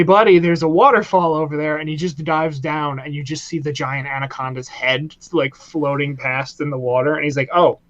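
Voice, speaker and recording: A man co-hosting a casual podcast chat, retelling scenes with laughs and lively energy. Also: on the high side, lo-fi sound. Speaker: podcast co-host.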